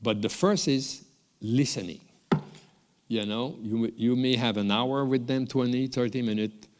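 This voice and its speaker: A man's voice: mid-range voice, a little slow. A man with a French accent giving a rambling, unscripted graduation speech, with many restarts and small chuckles. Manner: rambling, warm asides, frequent restarts and chuckles. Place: large ceremony hall. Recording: long hall reverb from the ceremony room.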